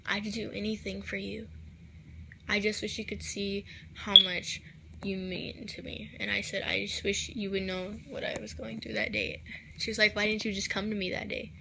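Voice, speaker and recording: A woman telling a personal story to camera, recounting quoted text messages in a soft, halting voice that drops at times to near a whisper. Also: medium pitch, flat delivery, creaky, slight background noise. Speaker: vlogger.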